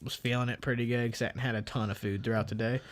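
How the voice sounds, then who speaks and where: A man co-hosting a podcast, telling a story in casual chat and acting out the people in it. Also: racing. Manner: animated, acts out quoted people with big pitch jumps. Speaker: podcast co-host.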